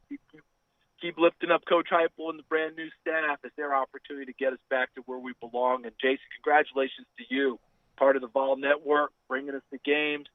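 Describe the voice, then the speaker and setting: A man's voice: medium pitch, steady tone, brisk, no room sound. A man calling in to a radio show, speaking in a heartfelt, emphatic way about a former coach. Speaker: caller, former player. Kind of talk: radio call-in. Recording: tinny phone line, dry.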